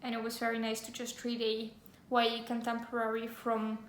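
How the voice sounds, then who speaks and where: A young woman vlogs her book haul in a fairly high, monotone voice at a moderate pace, gushing and giggling with plenty of fillers as she reads back-cover blurbs aloud. The room is echoey, with faint ambience and slight background noise.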